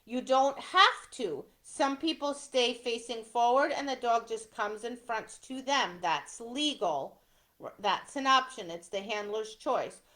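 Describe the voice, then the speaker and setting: A woman's voice: fairly high pitch, animated, takes it slowly, sharp tone. A middle-aged woman teaching dog obedience trial rules step by step, often checking in with "right?". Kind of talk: instructional talk.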